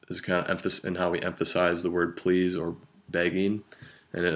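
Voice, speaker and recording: Slow, low-voiced young man presenting. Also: gravelly. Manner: slow, hesitant delivery with frequent ums. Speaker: student presenter. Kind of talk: class presentation.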